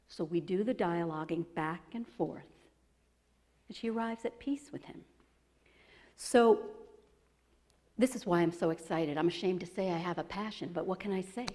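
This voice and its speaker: A woman's voice: fairly low pitch, mellow. Middle-aged woman therapist in an echoing hall. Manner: emotional, self-deprecating humor; leads a guided meditation in a slow, soothing voice. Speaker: relationship therapist giving an expo talk. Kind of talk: motivational talk with personal storytelling. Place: large expo hall. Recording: long reverb in a large hall.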